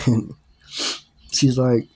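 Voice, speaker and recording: A man's voice: medium pitch, little pitch movement, drawn-out words, mellow, breathy edge. A man casually telling a story, laughing often and swearing freely, with lots of fillers and restarts. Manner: rambling, with many fillers and restarts.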